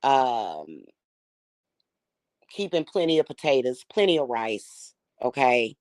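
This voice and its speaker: A woman with a low, deep-set speaking voice talks straight to her viewers. She is emphatic and emotional, stumbling over and repeating words as her feelings rise. The recording is dry and close, with no room sound. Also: sing-song, slow, darkish tone, no room sound. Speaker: spiritual channel host. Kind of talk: casual talk to viewers.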